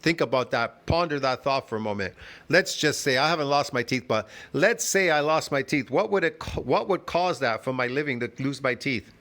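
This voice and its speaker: A man's voice: mid-range voice, animated, normal speed, a bit bright. A man talking back to a video in argumentative reaction commentary, combative and scoffing, laughing at times and asking "get it?". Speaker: fitness vlogger reacting to a video.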